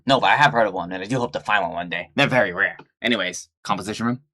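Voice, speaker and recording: A man's voice: lowish voice, very fast, sharp tone. A man playing a tabletop game, speaking in a plain, matter-of-fact way. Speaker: player. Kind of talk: casual tabletop play.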